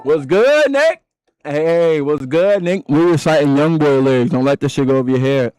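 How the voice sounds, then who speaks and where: A man's voice: a little high, steady tone, brisk, mellow, clean tone, no echo, low-quality recording. A young man livestreaming, chatting with his viewers in slangy, hyped talk and rapping along to songs on a close desk mic. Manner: slangy, hyped, addresses chat constantly, raps lines between chatter. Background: music playing.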